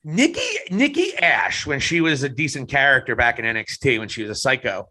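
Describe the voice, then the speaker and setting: A man co-hosting a wrestling podcast in casual chat, teasing his partner and breaking into excited outbursts. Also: mid-range voice, quick pace.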